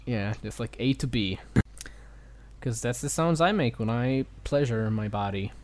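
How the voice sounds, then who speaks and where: A man's voice: medium pitch, unhurried, no room sound. A man co-hosting a crude comedy chat, teasing his partner and joking around. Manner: jokey, teasing, jumps into goofy voices. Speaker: co-host.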